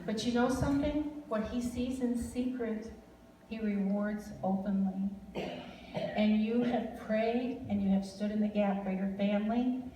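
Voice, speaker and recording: A woman's voice: medium pitch, a little slow, dark tone, a little hiss or hum. A woman from Wisconsin, a guest speaker prophesying over a family in an informal, chatty way, laughing often and drifting into rambling asides. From Wisconsin, USA. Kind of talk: informal prophetic ministry talk. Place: large hall. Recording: echoey hall recording from far off.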